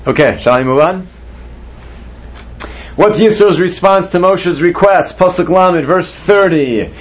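Animated and unhurried, a man with a high-pitched voice leads a Torah class, quizzing his students and weaving Hebrew words into what he explains. It's a dull, lo-fi recording.

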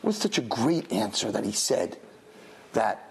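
A woman's voice: very deep voice, unhurried, husky. A woman giving a religious lecture to young women, telling stories animatedly and acting out the dialogue. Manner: animated storytelling, acts out dialogue. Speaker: Torah teacher.

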